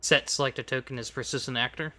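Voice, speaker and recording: A man acting as game master, patiently walking a player through the game software step by step. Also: mid-range voice, steady tone, fairly quick, faint music behind. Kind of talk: running a tabletop game over voice chat.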